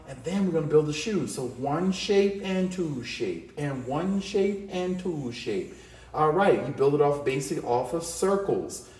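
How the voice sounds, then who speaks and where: A man teaching a drawing lesson on video, coaching with energetic, repetitive chanting of each step. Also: high-pitched, recorded from a distance. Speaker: art teacher. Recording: echoey room, voice off-mic.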